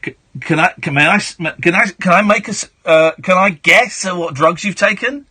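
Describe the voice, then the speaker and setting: A man's voice: high-pitched, brisk, bright, forceful tone, husky. A man in his forties with an English accent, hosting a late-night radio phone-in, chatty and frank, often restarting his sentences. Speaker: radio host. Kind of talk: late-night call-in chat. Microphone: studio mic.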